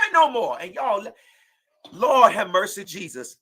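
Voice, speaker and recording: A woman hosting an impassioned livestream talk show, preaching and often shouting in outrage. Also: medium pitch, very animated, unhurried, breathy edge. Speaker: host.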